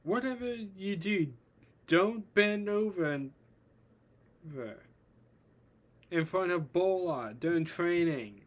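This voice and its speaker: A man's voice: sits high, lively intonation, takes it slowly, pauses often, pitched above the performer's own voice. A man voicing a playful, teasing young woman fighter in a read-aloud fan story.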